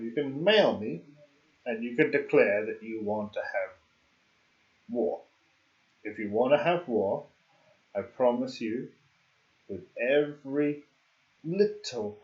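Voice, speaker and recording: Guy rambling on a game livestream, cracks jokes, muffled lo-fi mic. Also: on the low side. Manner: rambling, joking, laughs at himself. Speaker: game streamer. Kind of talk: casual livestream chat.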